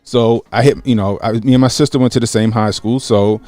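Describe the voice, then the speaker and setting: A man in his late thirties from Baltimore, hosting a casual livestream, greeting chat viewers and telling a story with lively acted-out quotes. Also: medium pitch, fairly quick, no echo, soft background music. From Baltimore, USA. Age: 30s. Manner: animated, acts out quotes, greets chat by name. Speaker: livestream host.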